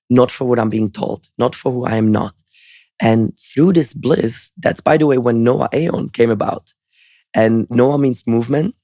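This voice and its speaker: A man speaks earnestly and reflectively, telling his story as a podcast guest. His voice carries a gravelly edge. The sound is dry and close to the mic. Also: mid-range voice, mellow, dry recording. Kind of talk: storytelling interview answer.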